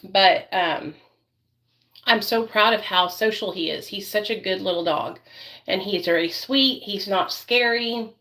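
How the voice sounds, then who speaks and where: A woman's voice: medium pitch, measured pace, pushed and bright. A woman vlogging casually while doing her makeup, rambling and chatty with many fillers, and doting on her dog. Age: adult parent.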